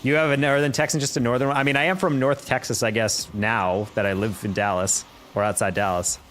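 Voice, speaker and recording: A young man from New York casting a live esports match, calling plays quickly and chatting with his stream viewers in between. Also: mid-range voice, slight background noise. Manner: rapid play-by-play that jumps up in excitement, chatting with viewers between plays. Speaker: esports caster. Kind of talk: live-streamed play-by-play commentary with chat.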